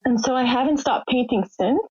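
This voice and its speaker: In a high, slightly mellow and slightly rough voice, a little fast, an older Canadian woman opens up on a podcast about her own story. She gets emotional and acts out others' voices. The recording is dry and muffled, lo-fi, with no echo.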